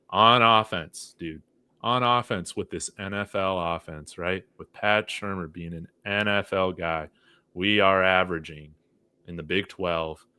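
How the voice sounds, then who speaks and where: A man's voice: deep voice, sharp tone, no room sound. A man co-hosting a sports podcast, talking bluntly and with exasperation, often saying "man" and "dude". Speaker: podcast co-host. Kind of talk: casual sports podcast chat.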